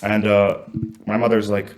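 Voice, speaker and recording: A man's voice: fairly low pitch, measured pace. A young man co-hosting a casual sibling podcast, telling jokey stories. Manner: joking, lively storyteller. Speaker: podcast co-host.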